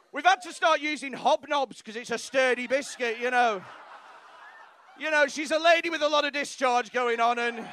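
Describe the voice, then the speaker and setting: A man's voice: very high voice, bright, forceful tone, a little hiss or hum. A man doing stand-up crowd work on a club stage, brash and crude, mocking hecklers with lots of swearing. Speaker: stand-up comedian.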